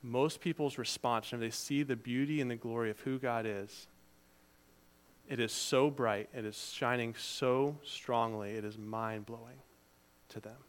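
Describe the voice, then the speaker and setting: A man preaching a sermon in a conversational, storytelling way, moving between loud emphasis and quiet asides. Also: mid-range voice, steady tone, measured pace. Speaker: preacher and teacher.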